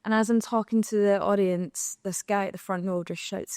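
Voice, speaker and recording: A woman's voice: medium pitch, fairly even intonation, normal speed, darkish tone, smooth, no room sound, studio quality. A young Scottish woman, a singer, telling stories candidly in a live panel conversation, acting out the exchanges she quotes. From Scotland. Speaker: singer and guest. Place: live podcast recording in an arts venue.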